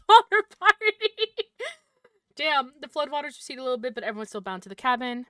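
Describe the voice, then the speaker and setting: A woman streamer reads game text aloud in a hushed tone, then bursts into loud, swearing reactions. Her higher voice jumps all over its range. The sound is close and dry, with no room around it. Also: very animated, brisk, no echo. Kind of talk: live gameplay commentary, reading game text aloud.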